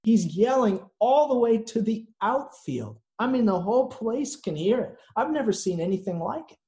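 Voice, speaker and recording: A man preaching a sermon in a slow, earnest way, with dramatic pauses. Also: high-pitched, expressive, warm tone. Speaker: pastor.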